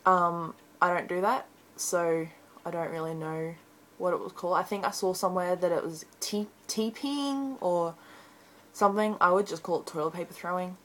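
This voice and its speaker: A teenage girl from Brisbane speaks with a broad Australian accent, her voice pitched a little on the low side. She chats casually to her webcam, rambling and filling pauses with ums as she works through a word list. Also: flat delivery, fairly bright tone, low-quality recording. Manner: chatty, rambling, frequent ums. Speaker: vlogger. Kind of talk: casual accent-tag video.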